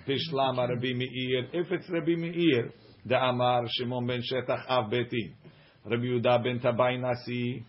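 A man's voice: mid-range voice, highs cut off. A man teaching a Gemara class, reading the text aloud and translating it with joking asides. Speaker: Talmud teacher.

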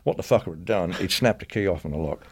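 Man, lowish voice, quick rambling storyteller, swears nonstop. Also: animated, breathy edge. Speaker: guest storyteller. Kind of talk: casual anecdote telling.

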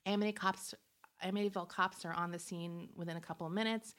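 A woman's voice: lowish voice, steady tone, fast, fairly bright tone. Woman host, casual true-crime podcast narration, chatty, laughs easily. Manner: chatty, laughs often, acts out quotes.

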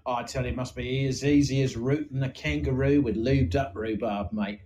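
In an improvised comedy sketch, a podcast co-host puts on an Australian accent to play a gold prospector, boasting in rambling, crude, swear-heavy banter with comparisons ending in "mate." His voice is mid-range, steady, and warm at a moderate pace, lightly acted, and the recording is low quality.

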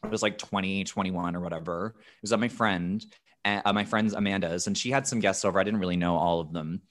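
Low-pitched man in his thirties, casual podcast guest, candid and profane, restarts phrases. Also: fairly even intonation, fairly quick, a bit bright. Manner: candid storyteller, swears often, restarts phrases.

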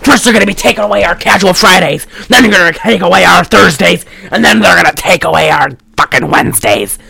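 A woman voicing a ranting male conspiracy theorist, loud, paranoid and unhinged. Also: fairly low pitch, expressive, fairly quick, gravelly, heavily acted.

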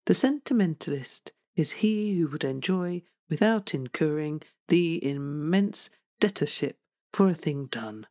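A woman's voice: sits low, lively intonation, unhurried, warm tone, dry recording, clean studio sound. Woman reading a mock-grand young joker. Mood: gleeful. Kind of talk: literary audiobook narration.

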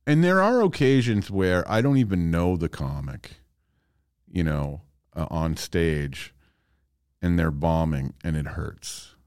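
Comic guest, man, deep low voice, dry close sound, relaxed and reflective. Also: slow pace, smooth, no echo. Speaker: podcast guest, stand-up comedian. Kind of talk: casual chat.

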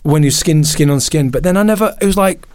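A man, a podcast guest, telling a candid personal story in an animated, emotional way, often restarting and laughing at himself. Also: on the high side, fast, dry recording, clean studio sound.

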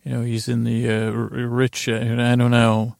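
Here a man with a mellow, mid-range voice and vocal fry speaks in a monotone, a little slowly. He hosts a podcast, casually going over a TV episode, rambling and conversational, frequently starting over to retell scenes. The sound is clean studio audio with no room sound.

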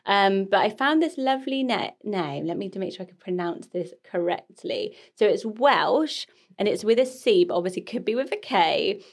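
A woman's voice: mid-range voice, expressive, moderate pace, hardly any pauses. Giggly chatty woman co-host. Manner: giggly, chatty, trails off mid-sentence. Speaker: podcast co-host. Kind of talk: casual chat.

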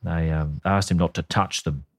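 A man's voice: deep voice, fairly even intonation, moderate pace, no echo, studio quality. A man hosting a casual comedy podcast, sweary and sardonic as he tells a story. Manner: sweary, sardonic storytelling, reading quotes aloud. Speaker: podcast co-host.

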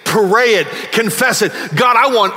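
A middle-aged male pastor preaching a sermon emphatically, swinging between loud bursts and quiet asides in a large church hall. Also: sits high, a little slow, soft background music.

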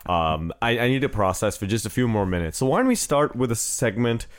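A man's voice: medium pitch, big pitch swings, fairly quick. A man with a cold, co-hosting a casual podcast chat, joking and rambling with lots of fillers. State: has a cold. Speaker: podcast co-host.

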